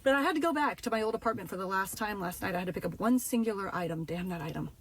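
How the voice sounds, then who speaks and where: A young woman tells a comedic story in a casual, animated way, with punchy dramatic asides. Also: mid-range voice, rapid-fire, crowd noise. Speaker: storyteller in a social media video.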